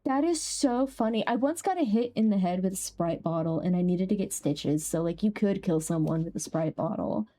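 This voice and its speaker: A young woman streaming a game, chatting casually with viewers, laughing easily and jumping up high when something amuses her. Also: lively intonation, moderate pace, few pauses, warm tone. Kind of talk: casual live-stream chat.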